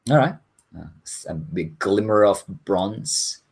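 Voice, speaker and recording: A man's voice: on the low side, lively intonation, slow pace, a little mellow, slightly rough. A man narrating a tabletop fantasy game as game master, loose and rambling with many fillers and restarts.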